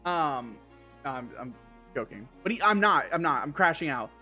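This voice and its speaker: A young man tells a story on a live stream in a rant full of swearing, jumping into loud, disbelieving outbursts. His voice sits a little high for a man. Faint music plays underneath. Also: moderate pace. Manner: animated, profane storytelling with sudden incredulous outbursts. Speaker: livestreamer.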